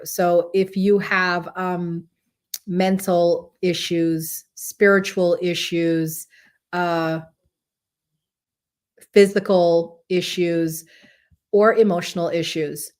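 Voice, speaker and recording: A middle-aged woman talks casually to viewers on a wellness livestream show. She is friendly and chatty and often checks in with a quick "right?". She sounds a little out of breath. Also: fairly low pitch, darkish tone. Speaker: podcast host and wellness center owner.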